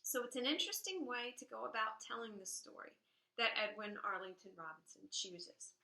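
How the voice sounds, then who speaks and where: Bright-voiced woman teacher, echoey room. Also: fairly high pitch, brisk, vocal fry. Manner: explains step by step, checks in with "all right?"; reads poetry aloud with expressive emphasis. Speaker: high school English teacher. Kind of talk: recorded classroom lecture.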